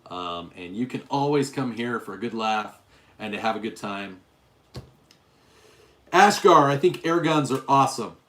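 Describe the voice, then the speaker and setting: A man's voice: medium pitch, expressive, measured pace, pauses often, fairly bright tone. A middle-aged man hosting a casual livestream, chatting and reading viewer names aloud. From Utah, US. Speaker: livestream host.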